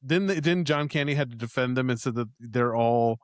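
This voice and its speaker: Chill dude podcaster, mid voice, jokes around, dry close sound. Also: male voice, mid-range voice, fairly quick, clear, resonant tone, dry recording. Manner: relaxed, joking, says dude. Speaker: podcast co-host. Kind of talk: casual chat recapping a movie.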